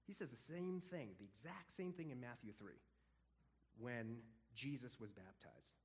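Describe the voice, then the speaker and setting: A man teaching a casual Bible study in an animated, conversational way, often chuckling. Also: mid-range voice, a little slow.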